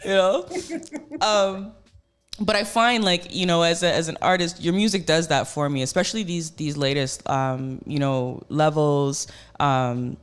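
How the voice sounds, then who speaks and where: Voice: mid-range voice, normal speed, smooth. Rambling, effusive radio host. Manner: effusive, rambling, lots of fillers. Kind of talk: casual radio interview. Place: radio studio.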